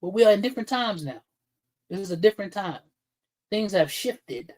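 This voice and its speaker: His voice sits high and darkish, animated but at normal speed, and the audio is poor. The man hosts a livestream commentary straight into the mic, blunt and heated, cursing often and stopping to say hello to chat viewers by name.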